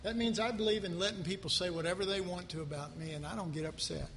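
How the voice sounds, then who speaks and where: A male pastor preaches in a high, lively voice, firing questions at his congregation and acting out the people he talks about. His voice rings through a large hall with a long reverb. A faint hum of noise sits underneath. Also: fast talker, creaky. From United States. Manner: animated, acts out quoted voices, asks the audience questions. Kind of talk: sermon. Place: church hall.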